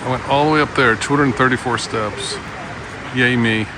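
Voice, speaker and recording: A man's voice: mid-range voice, brisk. A recently retired man in his sixties, chatting upbeat and self-deprecating as he narrates his travels on a handheld camera outdoors. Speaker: travel vlogger. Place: outdoors on a road trip and boat tour. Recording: loud outdoor wind and vehicle noise.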